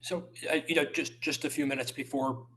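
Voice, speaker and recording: Halting man answering questions. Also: medium pitch, fairly even intonation, fairly bright tone, a little hiss or hum. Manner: halting, many restarts and fillers. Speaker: journalist guest. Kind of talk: podcast interview answers. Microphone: remote call.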